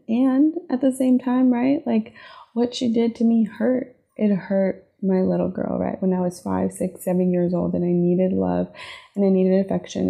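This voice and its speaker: Warm, gravelly-voiced woman podcaster. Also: mid-range voice. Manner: earnest, heartfelt, frequent "right?" and "like". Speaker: podcast host. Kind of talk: reflective personal podcast monologue.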